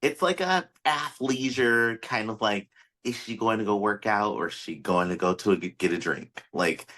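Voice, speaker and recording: A man with a fairly low voice co-hosting a podcast. He chats in a loose, candid way. His sentences are full of fillers and restarts. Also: normal speed, pushed and bright. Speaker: podcast co-host. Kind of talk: casual chat.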